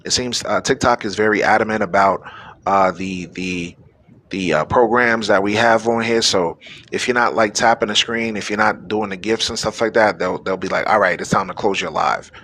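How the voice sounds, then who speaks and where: A man's voice: lowish voice, moderate pace, a bit bright, a little hiss or hum. A man hosting a live-streamed news show, delivering preachy, exhorting commentary to his audience. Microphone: phone or webcam on a live stream.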